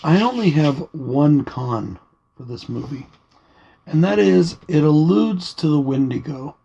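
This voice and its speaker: A man with a gravelly, husky, mellow voice talks softly through a casual review, rambling easily from point to point. The sound is dull and lo-fi. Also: a little high, animated, a little slow. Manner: soft-spoken and quiet, rambling musings. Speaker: movie reviewer. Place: home at night, dim room.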